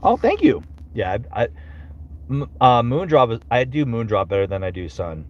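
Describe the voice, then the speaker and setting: A man's voice: medium pitch, normal speed, lo-fi sound. A young man hosting his live stream as a voice actor. He answers viewers casually, rambling with fillers and swearing now and then. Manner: lively, swears casually, drops into character voices between answers; rambling with many fillers and restarts.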